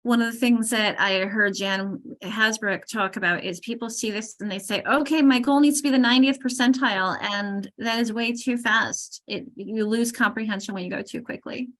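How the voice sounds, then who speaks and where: A woman's voice: fairly high pitch, fairly even intonation, moderate pace, few pauses. A middle-aged woman leading a teacher training, explaining ideas as she goes with frequent restarts. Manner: explanatory, thinks aloud with restarts. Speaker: literacy trainer.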